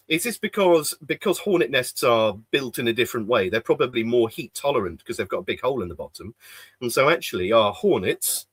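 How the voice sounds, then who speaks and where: A man's voice: mid-range voice, fairly bright tone, no room sound. A man co-hosting a casual podcast chat, rambling with lots of fillers and restarts. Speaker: podcast co-host. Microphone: desk mic in an office.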